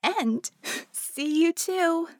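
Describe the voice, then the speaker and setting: A woman's voice: high-pitched, darkish tone, no echo, pitched above the performer's own voice. A woman reading a tipsy, playful woman speaking over a bar's sound system. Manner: slow, tipsy, teasing.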